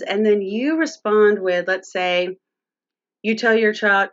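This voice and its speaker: A woman's voice: mid-range voice, measured pace, highs cut off. A woman presenting a live-streamed teaching talk on parenting, speaking directly to viewers and their chat.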